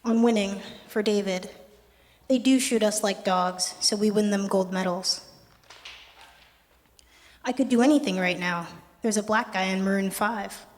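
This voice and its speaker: Young adult poet, wry deadpan reading, mid-pitched voice, long gallery reverb. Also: measured pace, long pauses. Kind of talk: poetry reading. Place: art gallery performance space.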